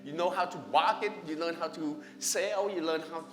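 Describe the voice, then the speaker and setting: A man shares his life story from a church stage, speaking lively English with non-native grammar and acting out conversations with his wife. His voice sits a little high for a man. It rings through a large hall with long reverb, with instrumental music playing underneath. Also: normal speed. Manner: animated, acts out dialogue with his wife. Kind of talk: personal testimony storytelling. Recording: echoey hall with music behind.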